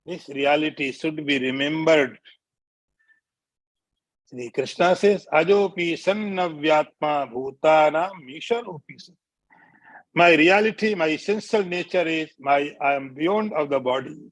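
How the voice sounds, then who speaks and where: Swami guy giving a spiritual lecture, real slow, kinda high voice, dry close sound. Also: a bit bright, dry recording. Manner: slow, deliberate, repeats key phrases and chants verses. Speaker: swami teaching scripture.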